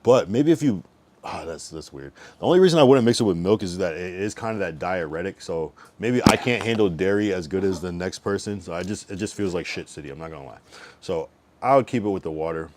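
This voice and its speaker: A man's voice: deep voice, animated, a little fast, darkish tone. A young man hosting a livestream, chatting loosely, swearing freely and trailing off into mumbles. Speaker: livestream host. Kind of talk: casual rambling chat.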